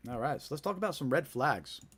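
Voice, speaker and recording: A man's voice: mid-range voice, sing-song, fast, a bit bright, slight background noise. Casting note: New Jersey man, live-stream host, mid-range voice, chatty and loose, lots of "you know" and restarts. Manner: chatty and conversational, many fillers and repeated starts. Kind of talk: casual live-stream chat.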